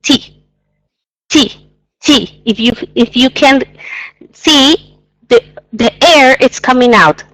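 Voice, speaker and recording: A woman's voice: high-pitched, slow, pauses often, fairly bright tone, poor audio. A woman teaching an English pronunciation lesson, patiently repeating sounds and exaggerating them so learners can hear.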